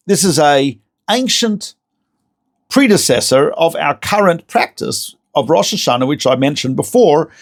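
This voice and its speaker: Male rabbi lecturer, gravelly, slightly high-pitched, animated, self-correcting. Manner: animated storyteller with self-corrections and repeated words. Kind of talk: recorded lecture.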